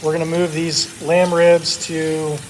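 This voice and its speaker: A man's voice: fairly high pitch, little pitch movement, takes it slowly, a little hiss or hum, poor audio. Rambling man talking while cooking. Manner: rambling, with many ums and uhs. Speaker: cooking vlogger. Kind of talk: casual talk while cooking. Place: kitchen with food searing.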